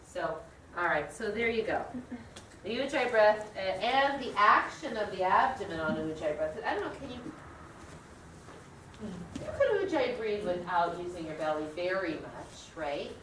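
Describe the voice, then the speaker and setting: A woman's voice: medium pitch, lively intonation, normal speed, a bit bright. A woman teaching a yoga training class, talking the group through breathing and asking them questions. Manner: conversational, asks the class questions. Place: studio room with a group. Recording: echoey room, distant mic, noisy.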